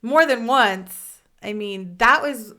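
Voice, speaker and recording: A woman co-hosting a casual podcast, talking affectionately and softly, laughing easily. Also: on the high side, takes it slowly. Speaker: podcast co-host. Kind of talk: casual chat.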